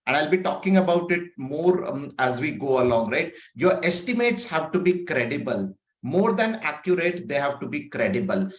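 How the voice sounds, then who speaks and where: A man's voice: on the high side, very animated, moderate pace, echoey room. A man from India, an agile coach, leading an online training session in a conversational way, with many fillers and rhetorical questions. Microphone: video call.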